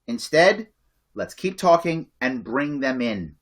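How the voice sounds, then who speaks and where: A man's voice: medium pitch, very animated, slow pace. A man hosting a livestream, giving an impassioned pep talk to his audience, emphatic and repetitive, pleading with them. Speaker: livestream host.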